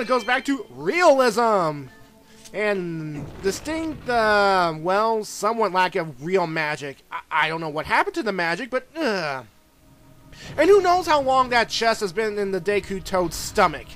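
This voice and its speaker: High-voiced man commenting on gameplay. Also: a bit bright. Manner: rambling, often squeamish groans of disgust. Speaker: let's play host.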